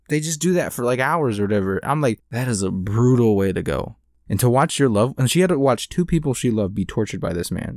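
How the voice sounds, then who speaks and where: A man's voice: mid-range voice, a little mellow, dry recording, studio quality. A young man casually recapping a movie he saw, rambling with lots of fillers and restarts. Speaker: movie reviewer.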